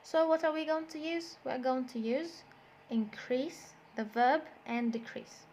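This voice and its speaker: An Egyptian-accented woman walks a class through vocabulary, her voice sitting a little high. She repeats words over and over to show where the stress falls. A faint hiss runs under the recording. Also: unhurried, a little mellow, lo-fi sound. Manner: switches between English and Egyptian Arabic, repeats words to drill stress. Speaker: English teacher. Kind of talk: classroom lesson explanation.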